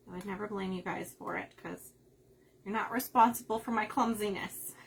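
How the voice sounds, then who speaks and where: A woman's voice: mid-range voice, vocal fry, fairly bright tone, slight background noise. A woman from the Upper Midwest hosting a craft livestream, chatting casually, laughing often and reading viewer comments aloud. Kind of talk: casual chat while crafting.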